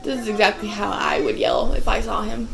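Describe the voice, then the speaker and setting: A young adult woman co-hosting a casual movie-watching podcast, excitable and quick to exclaim, swearing freely. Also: mid-range voice, vocal fry, crowd noise. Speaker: podcast co-host. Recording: echoey room, faint noise.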